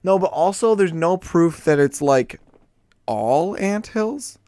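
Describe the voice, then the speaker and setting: A man's voice: high voice, animated, slow pace, mellow, no echo. A young man co-hosting a podcast in casual chat, teasing and playful, laughing often. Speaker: podcast co-host.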